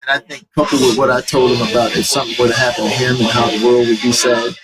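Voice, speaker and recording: A middle-aged man retells stories in an interview, relaxed and animated, with "man" dropped in at every turn. His voice sits at an ordinary pitch. Loud music plays behind him the whole time. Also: fast, low-quality recording. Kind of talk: casual storytelling.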